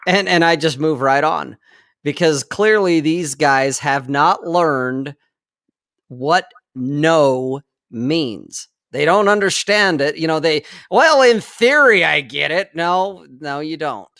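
A man's voice: on the high side, takes it slowly, a bit bright, dry recording, studio quality. Blunt, profane man in his forties. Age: 40s. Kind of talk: casual chat.

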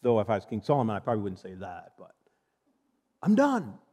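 A man's voice: fairly low pitch, wildly swooping pitch, fairly quick, mellow. A male pastor preaching a sermon, reading scripture and emphatically addressing the congregation, in a long church reverb.

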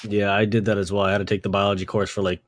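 A young man from Canada hosting a podcast, telling stories in a casual chat, swearing often and acting out quotes in a higher voice. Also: flat delivery, rapid-fire, dry recording, clean studio sound. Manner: laid-back, swears a lot, acts out quotes with a jump in pitch. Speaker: podcast host.

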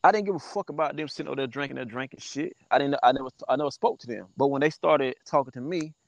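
A man guesting on a podcast, telling a story in a loose, profane, animated way and acting out what people said. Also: mid-range voice, quick pace, vocal fry, no echo. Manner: profane, animated, acts out quoted dialogue. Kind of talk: casual storytelling.

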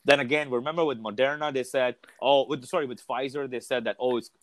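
A man's voice: medium pitch, steady tone, fast talker, dry recording. Candid, swearing man telling stories. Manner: candid, swears freely, storytelling with many restarts. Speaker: podcast guest. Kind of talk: casual chat.

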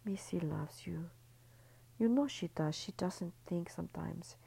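A woman reading a story, voicing a tender, fatherly man who coos soothing words in a soft whisper. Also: lowish voice, unhurried, creaky, breathy edge, full character voice, low-quality recording.

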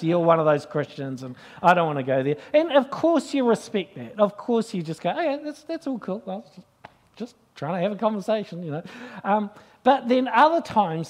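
A middle-aged man preaches in a loose, conversational way. His voice sits high for a man. He keeps slipping into anecdotes and acting out what people said. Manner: chatty, anecdotal storyteller acting out quoted voices. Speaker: Christian speaker. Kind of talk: conversational sermon with personal stories.

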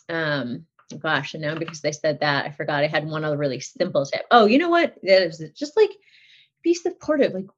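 A woman's voice: lowish voice, breathy edge. A middle-aged woman in casual podcast chat, talking about her kids with many fillers and frequent laughs. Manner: chatty, laughs often, lots of fillers. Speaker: guest. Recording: dull lo-fi audio.

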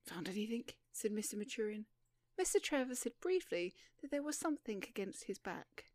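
A woman narrating a story in a measured audiobook reading. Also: on the high side, very animated, a little mellow, dry recording, clean studio sound.

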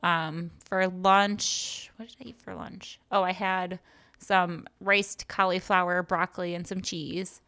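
A woman's voice: fairly low pitch, little pitch movement, slow, sharp tone, smooth. A young woman co-hosting a podcast in casual chat, teasing and laughing often. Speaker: podcast co-host.

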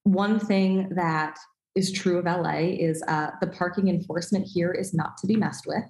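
A woman's voice: lowish voice, fairly even intonation, moderate pace, a little mellow, roomy sound, low-quality recording. A woman telling a self-deprecating story in casual podcast chat, acting out the dialogue. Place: Los Angeles.

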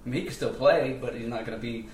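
A man talking quickly in a casual chat, indignant and profane. He sits off-mic in an echoey room, with faint noise behind him. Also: medium pitch, darkish tone, recorded from a distance.

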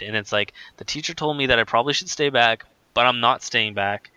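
Chatty man with a bright, dry voice. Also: medium pitch, fairly quick, few pauses, smooth, no echo. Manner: rambling, filler-heavy with many "like"s. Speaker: guest telling his story. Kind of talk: casual conversational storytelling.

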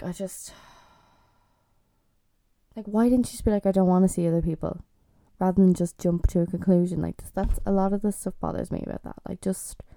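A woman's voice: mid-range voice, warm tone, no echo. A young Irish woman in her twenties, chatting casually and with exasperation as a vlogger reviewing a TV series. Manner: chatty and exasperated, lots of fillers.

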